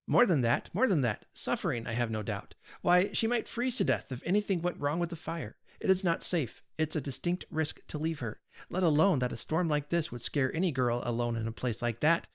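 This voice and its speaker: A man's voice: on the high side, animated, a little fast, few pauses, voice pushed up. A man reading aloud, voicing a talkative, earnest male burglar who pleads and explains himself with odd cheer. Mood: pleading. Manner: earnest, pleading, lightly pompous.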